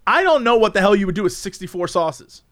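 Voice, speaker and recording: High, lively-voiced young man musing aloud. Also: fast talker, no echo, studio quality. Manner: musing, thinks aloud with restarts. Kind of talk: casual chat.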